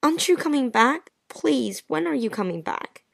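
A woman's voice: sits high, expressive, moderate pace, vocal fry, dry recording, clean studio sound, exaggerated voice. A woman voicing Jean, an anxious, lovesick wife who pleads with her absent husband, in a dialogue drama reading. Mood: sad. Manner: pleading, breathless and emotional.

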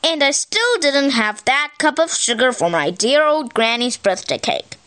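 A woman storyteller reads a picture book aloud with a high voice. She is animated and expressive, her pitch swooping all over, and she takes her time with each line. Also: measured pace.

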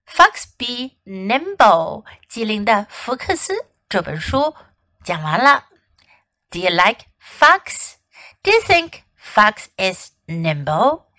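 A woman hosting a children's English lesson, encouraging and sing-song, repeating phrases slowly. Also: fairly high pitch, a bit bright, no echo. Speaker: English teacher and podcast host.

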